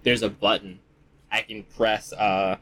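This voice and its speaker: A man's voice: fairly low pitch, level tone, measured pace, sharp tone. A man narrating a tabletop game as game master, casual and rambling. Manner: casual, rambling, laughs easily.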